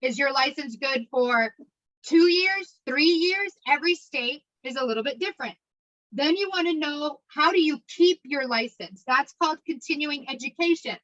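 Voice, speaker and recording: A high, bright-voiced American woman runs an exam prep class at a brisk, energetic clip. She drills key points by repeating them and throws in memory tricks. The recording sounds a little dull and lo-fi. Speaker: insurance exam prep instructor.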